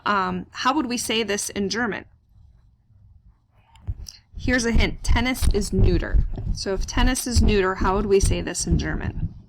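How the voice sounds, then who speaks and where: A woman's voice: medium pitch, measured pace, long pauses, slight background noise. Woman, patient classroom lecturer; methodical step-by-step explanations with frequent filler words. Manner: explains step by step, asks questions aloud and answers them, many "uh" fillers. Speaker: German teacher.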